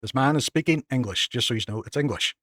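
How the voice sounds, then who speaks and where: Excitable Northern Irish man streaming. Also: mid-range voice, quick pace, no room sound, studio quality. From Northern Ireland. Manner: excitable, self-mocking, reads out chat and thanks viewers. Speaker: game streamer. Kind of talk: casual live-stream chat.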